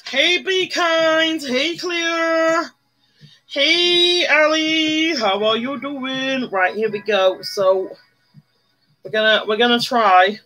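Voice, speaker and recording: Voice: high voice, slow pace, sharp tone. A person chatting casually on a livestream while doing makeup, greeting viewers by name and humming along. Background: faint music.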